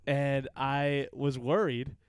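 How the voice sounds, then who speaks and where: A man's voice: mid-range voice, flat delivery, slow pace, a little hiss or hum. A man co-hosting a podcast, telling stories in a crude, profane, rambling way. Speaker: podcast co-host. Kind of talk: casual podcast chat.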